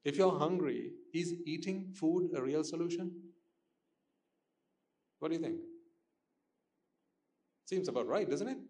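A man's voice: on the high side, animated, a little slow, long pauses, darkish tone. A man giving a Buddhist dharma talk to listeners, questioning them and repeating his points for emphasis. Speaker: Buddhist teacher.

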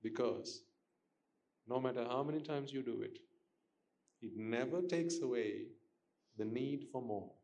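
A man's voice: mid-range voice, a little slow, creaky, long pauses, mellow. A man giving a Buddhist dharma talk to listeners, questioning them and repeating his points for emphasis. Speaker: Buddhist teacher.

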